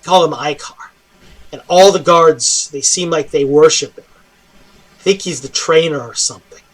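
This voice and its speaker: A man's voice: fairly high pitch, moderate pace, breathy edge. A man voicing a weary human prisoner who rambles, hesitates and pleads in a tabletop game.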